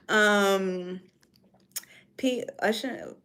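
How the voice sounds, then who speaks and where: Casual, chatty woman with a New York accent, lively pitch, livestream host. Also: moderate pace. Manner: chatty, animated, drifts between topics. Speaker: livestream host reading comments. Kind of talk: casual chat.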